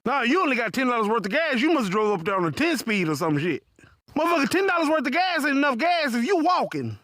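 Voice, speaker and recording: A man telling a profane comic story in an animated voice full of punchy asides. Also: very high-pitched, quick pace, no room sound. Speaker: comedic storyteller.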